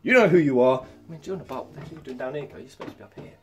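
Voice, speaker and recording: A young man, chatting excitedly and swearing freely as he shows off his collection at home. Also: mid-range voice, very fast, faint music behind. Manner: swears freely, stumbles over words when excited. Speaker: vlogger showing his figure collection. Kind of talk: excited casual vlog. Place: home room with shelves.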